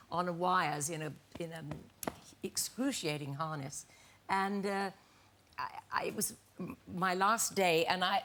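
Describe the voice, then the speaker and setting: An older woman telling an anecdote as a talk show guest, animated and acting out the lines she quotes. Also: fairly low pitch. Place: TV studio with live audience.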